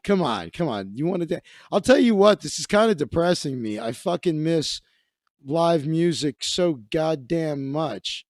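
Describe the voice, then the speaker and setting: A man's voice: a little high, expressive, measured pace, dry recording, studio quality. A man hosting a comedy livestream, riffing crudely and profanely with lots of restarts. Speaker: livestream host. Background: faint music playing.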